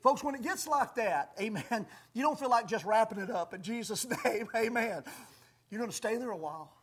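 A man preaching a sermon, emphatic, swelling loud on key phrases and calling his listeners folks. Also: high voice, lively intonation, normal speed, breathy edge. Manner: calls audience folks, says amen often.

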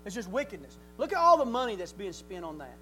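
A man's voice: sits high, sing-song, fast talker, bright, forceful tone, faint music behind. A man preaching a sermon in a folksy way, asking rhetorical questions and chuckling often.

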